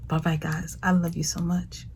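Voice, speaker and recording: A woman hosting her own show, giving a slow, affectionate prophetic message that often sinks into a whisper. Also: fairly low pitch, level tone, a little mellow, slight background noise. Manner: slow, breathy, drifts into whispers; affectionate, calls listeners honey and baby. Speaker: host. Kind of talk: prophetic motivational monologue.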